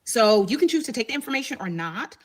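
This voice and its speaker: A woman's voice: fairly high pitch, animated, fast talker. A woman giving an opinion commentary in an assertive, explanatory way.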